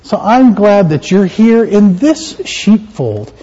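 A man's voice: high-pitched, very animated, slow, warm tone, lo-fi sound. A man pastor giving a playful children's sermon in a church, quizzing the kids with questions.

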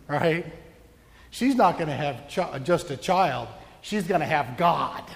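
A man's voice: fairly high pitch, expressive, slow pace, vocal fry, long reverb tail, crowd noise. A male pastor preaching a sermon in a church, playful and joking with his congregation.

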